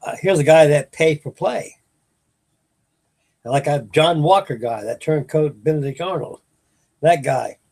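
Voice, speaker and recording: A man's voice: on the high side, unhurried, gravelly, pauses often, darkish tone. An older man, rambling folksily as host of a late-night live chat with his viewers. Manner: folksy, meandering, restarts sentences. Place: home at night.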